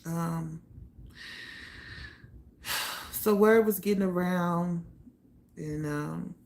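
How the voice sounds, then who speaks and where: A woman telling a painful personal story to camera, halting and soft-spoken, trailing off with pauses and sighs. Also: on the low side, vocal fry, a little hiss or hum.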